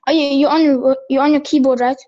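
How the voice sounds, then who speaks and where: High flat-voiced woman student, halting. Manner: halting, searches for words. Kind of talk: hesitant classroom explanation. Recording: dull lo-fi call audio.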